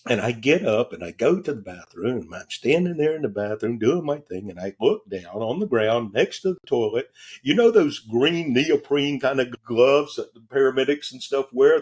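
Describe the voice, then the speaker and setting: A man, a podcast guest, telling stories in a casual, animated way, acting out the voices he quotes and cursing offhandedly. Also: medium pitch, breathy edge. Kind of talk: casual storytelling.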